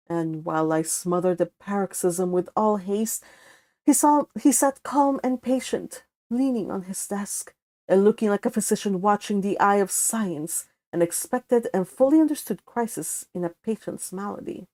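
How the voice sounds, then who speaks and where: A young woman with a Spanish accent reads a classic novel aloud at a calm, unhurried pace. Her voice sits in an ordinary middle register for a woman. She keeps a plain, even reading voice and pauses now and then to correct a slip. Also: mid-range voice. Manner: unhurried reading, breaking off for casual asides and corrections. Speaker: audiobook reader.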